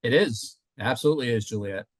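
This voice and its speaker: A man's voice: medium pitch, quick pace, dry recording. A man presenting a business workshop in a conversational, emphatic way, talking to a live audience and reacting to comments. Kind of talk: live webinar teaching.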